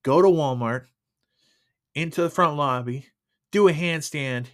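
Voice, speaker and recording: A man's voice: fairly high pitch, measured pace, voice pushed up, close to an everyday voice. A man voicing an insistent divine voice. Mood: commanding. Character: insistent inner divine voice giving an order.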